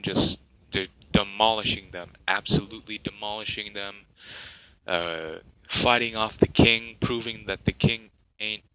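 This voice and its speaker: Slow, rambling male fan storyteller. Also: on the low side, fairly bright tone, smooth, no room sound, rough recording. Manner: rambling, many fillers and restarts. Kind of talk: improvised fan story narration.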